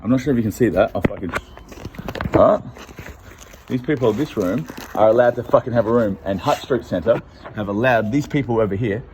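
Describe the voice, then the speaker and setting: A young Australian man talks on the move through city streets, rambling from one aside to the next with constant swearing. His voice sits in an ordinary middle pitch and carries a faint hum of traffic behind it. He records on a handheld phone as he walks. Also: a little fast. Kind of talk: rambling walking vlog.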